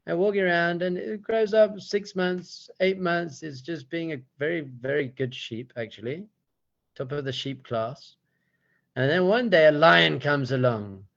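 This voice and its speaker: Animated rabbi telling a story. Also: male voice, a little high, unhurried, vocal fry, muffled recording. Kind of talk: teaching talk with storytelling.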